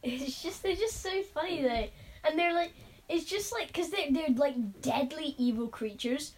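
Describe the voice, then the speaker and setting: A woman's voice: high-pitched, unhurried. A woman co-hosting a podcast, talking through a game in casual chat with a rambling, restart-filled manner. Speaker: podcast co-host.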